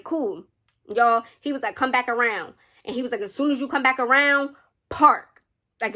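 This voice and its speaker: A young woman vlogger telling a personal story to her viewers, animated and chatty, often saying y'all and acting out what others said. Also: fairly high pitch. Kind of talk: casual storytelling to camera. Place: indoors under a studio light.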